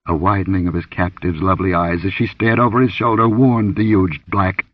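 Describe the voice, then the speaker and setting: A man narrating a fantasy adventure audiobook in a dramatic, expressive reading. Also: deep voice, a little fast, hardly any pauses, dry recording, distant mic, lo-fi sound. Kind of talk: scripted narration.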